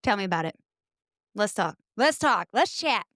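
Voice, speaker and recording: Woman, podcast host, teasing, animated pitch, dry close sound. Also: moderate pace, no echo. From United States. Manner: playful, teasing, laughs often. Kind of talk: casual chat.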